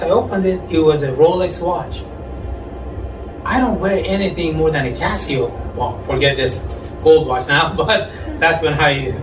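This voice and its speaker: A man doing a stand-up comedy set on a club stage, telling jokes in a deadpan way and pitching his voice up when he quotes people. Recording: echoey club audio from far off, with crowd. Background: audience laughter and room noise.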